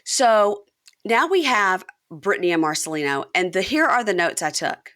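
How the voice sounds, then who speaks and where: A woman hosting a casual podcast, retelling a reality TV episode with animated quotes and swearing. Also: medium pitch, moderate pace. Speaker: podcast host recapping reality TV. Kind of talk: casual chat.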